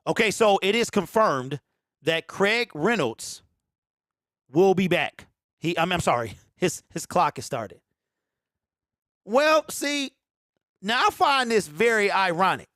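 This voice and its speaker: Lively high-voiced man in his forties. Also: takes it slowly, pauses often, dry recording, clean studio sound. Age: 40s. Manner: animated, laughs often, talks straight to the audience. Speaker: sports fan show host. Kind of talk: casual live-stream chat reading viewer comments.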